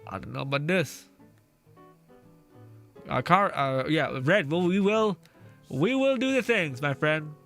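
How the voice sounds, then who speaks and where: A man chats through a relaxed live stream as he plays, reading viewers' messages aloud and laughing between swears. His voice sits a little high for a man and sounds bright and forceful. Faint music plays quietly underneath. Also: unhurried, vocal fry, long pauses. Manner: swears often, reads chat aloud, laughs easily. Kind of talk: casual live-stream chat while gaming. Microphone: face mask on while talking.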